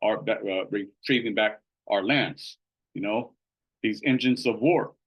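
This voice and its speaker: A man's voice: fairly low pitch, measured pace, husky, low-quality recording. A man teaching a Bible study in a casual, conversational way, reading passages aloud and checking in with "right?" as he goes. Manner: conversational, many fillers and "right?" tag questions.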